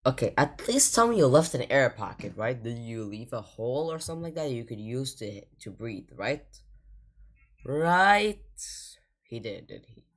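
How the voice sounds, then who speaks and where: A woman's voice: a bass voice, very animated, fairly quick, few pauses. A woman hosting a reaction video, talking casually and rambling in exasperation.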